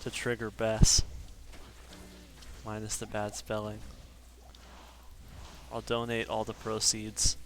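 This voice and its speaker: A man's voice: on the low side, completely flat delivery, slow, long pauses, fairly bright tone, slight background noise. A man streaming a game live, chatting casually and self-deprecatingly with his viewers. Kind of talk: casual live-stream chat while gaming.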